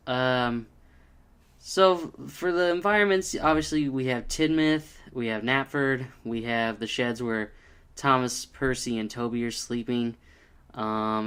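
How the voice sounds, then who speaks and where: A man's voice: medium pitch, a bit bright, smooth. A man giving a casual spoken review, hesitant, with frequent ums and restarts. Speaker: video reviewer.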